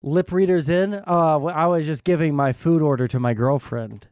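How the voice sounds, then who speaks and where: A man's voice: fairly high pitch, moderate pace, darkish tone, clean tone, dry recording, studio quality. A man streaming casual reaction commentary, rambling and swearing as he trails off mid-thought.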